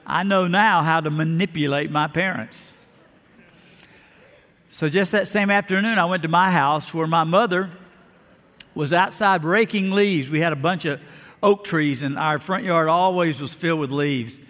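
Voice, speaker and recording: A man's voice: fairly high pitch, measured pace, fairly bright tone. An older man who grew up in Alabama, preaching a sermon in a folksy storytelling way and acting out the voices in his stories. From Lower Alabama. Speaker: pastor. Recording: long hall reverb.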